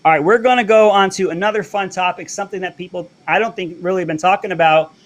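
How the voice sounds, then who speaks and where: Brash high-voiced male live-stream host. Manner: brash, fast-talking, plugging merch. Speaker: show host. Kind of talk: live political commentary stream. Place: Florida.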